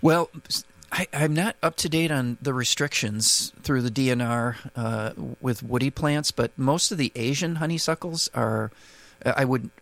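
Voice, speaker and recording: Man, garden expert guest, radio call-in, halting explanations, dry close sound. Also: medium pitch, gravelly, fairly bright tone, no echo. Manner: hesitant, many restarts, friendly explaining.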